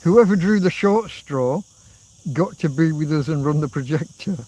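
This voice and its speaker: A man's voice: a little high, expressive, moderate pace, dark tone, rough recording. Rambling English man in his fifties. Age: 50s. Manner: rambling, swears casually, hums tunes. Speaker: livestream host. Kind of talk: rambling livestream chat.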